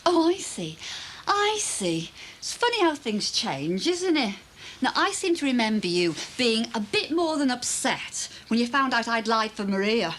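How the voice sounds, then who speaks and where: A devout middle-aged mother, sharp and easily offended. Her voice is high-pitched and moves a great deal. It is a scene from a TV soap opera. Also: big pitch swings, measured pace, a little hiss or hum. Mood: indignant.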